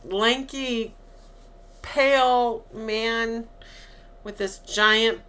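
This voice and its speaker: Woman podcast co-host, lively storyteller, bright voice. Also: on the high side, extremely slow, clear, resonant tone. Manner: chatty, animated retelling with quoted lines. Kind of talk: casual chat recapping a film.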